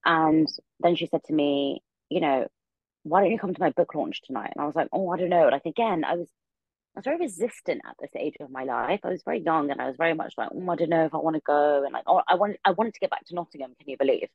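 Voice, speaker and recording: Fast-talking low-voiced young woman. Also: gravelly, slightly rough, no echo, narrow, tinny audio. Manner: rambling, many filler words. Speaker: podcast guest. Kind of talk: casual storytelling. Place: her room.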